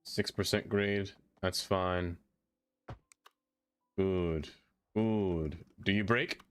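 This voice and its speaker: A man streaming a game, chatting casually, talking to what he builds and answering chat, quick to exclaim in dismay when things go wrong. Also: sits low, fairly even intonation, clean tone. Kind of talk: casual live-stream chatter while playing.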